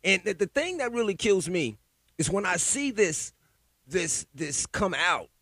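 A man's voice: sits high, sing-song, unhurried, vocal fry, fairly bright tone, slightly rough, no echo. A man ranting alone in a heated, profane, conspiratorial way, repeating himself and building up steam. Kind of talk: profane solo rant.

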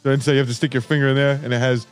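Co-host: man, medium pitch, talks fast, rambling know-it-all explanations. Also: little pitch movement, clear, resonant tone, soft background music. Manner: rapid, rambling explanations of odd facts. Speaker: podcast co-host. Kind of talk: casual comedic chat.

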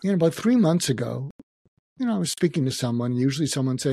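An older man speaking as a psychiatrist guest in an interview, reflective and halting, with many restarts. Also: on the high side, lively intonation, warm tone, no room sound. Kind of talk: emotional personal interview talk.

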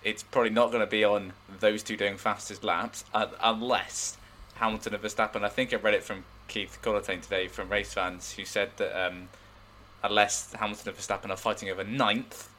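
A man co-hosting a podcast, answering in a hesitant, halting way with restarts. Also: on the low side, flat delivery, bright, forceful tone, a little hiss or hum. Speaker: podcast co-host. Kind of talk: casual podcast chat.

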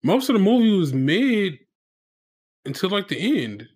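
A man's voice: sits high, sing-song, a little slow, a little mellow, slightly rough. A man on a casual podcast giving blunt, joking opinions. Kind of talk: casual chat.

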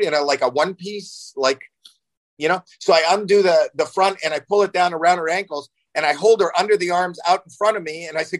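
Animated, excitable man telling stories. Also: high voice, brisk, dry recording, low-quality recording. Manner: excitable, acts out panic and shouting in anecdotes. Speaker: podcast guest. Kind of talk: animated storytelling.

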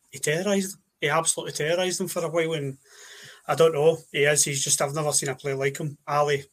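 A man with a Scottish accent, co-hosting a casual football podcast and speaking in a wry, steady way. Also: fairly high pitch, fast. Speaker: podcast co-host.

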